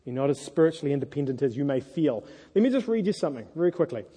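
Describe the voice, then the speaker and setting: A married man preaching a sermon to a congregation, earnest and lively when he tells stories. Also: a little high, racing, breathy edge. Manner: earnest, animated storytelling. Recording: echoey hall.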